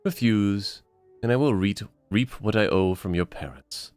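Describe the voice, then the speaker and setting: A man voicing a smooth-talking male con man posing as a nobleman, with a theatrical fake foreign accent and courtly manner. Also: on the low side, unhurried, a little mellow, dry recording, soft background music, natural voice. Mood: conspiratorial.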